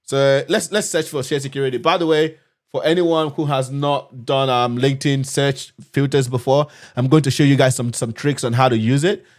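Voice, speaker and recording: A man's voice: mid-range voice, steady tone, normal speed. A man hosting a live screen-share tutorial on cybersecurity, chatty and upbeat, talking straight to his viewers. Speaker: cybersecurity instructor hosting a live learning session.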